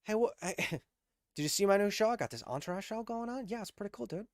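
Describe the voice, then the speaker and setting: A man's voice: high-pitched, expressive, fast, dry recording, clean studio sound, voice pushed up. A man putting on an impression of a brash, chummy actor who keeps repeating casual greetings. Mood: breezy.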